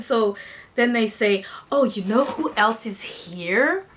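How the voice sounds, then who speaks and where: A young woman from Africa tells a story to her vlog audience in a chatty, animated way. Her voice sits a little high, and she squeals and gasps as she acts out her own reactions. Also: measured pace. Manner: addresses viewers as y'all. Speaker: vlogger. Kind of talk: casual storytelling.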